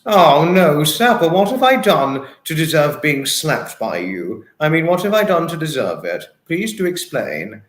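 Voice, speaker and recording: A man hosting a casual livestream, thanking viewers at length in an apologetic, giggly way. His mid-pitched voice rises and falls widely. The sound is roomy and echoey. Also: big pitch swings, unhurried, few pauses. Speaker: livestream host. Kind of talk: casual livestream chat reading comments.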